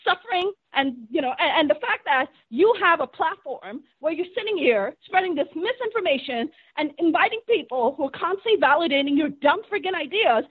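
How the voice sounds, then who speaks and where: A woman's voice: sits high, expressive, fairly quick, few pauses, dry recording. A woman comedian who is an immigrant, arguing angrily with a host and swearing as she talks over him. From born in a third-world country, immigrant to the US. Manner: angry, profane, shouting over the host. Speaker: guest comedian. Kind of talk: heated argument. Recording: dry tinny phone line.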